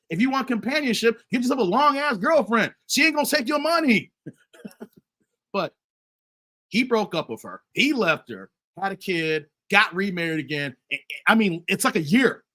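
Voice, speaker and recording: A middle-aged man runs a casual commentary live stream in a bright, forward voice. He keeps talking straight to his audience as "guys" and "fellas". His sentences often stumble and start over. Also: high voice. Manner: animated, addresses viewers as guys and fellas; repeats himself and restarts often. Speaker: commentary channel host.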